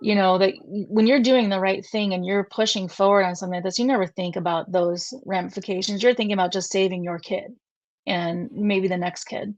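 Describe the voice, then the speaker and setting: A woman's voice: medium pitch, fairly even intonation, fairly quick, no echo, muffled recording. A middle-aged woman, a guest on a talk show, earnestly telling a personal story in a conversational way and quoting others at length.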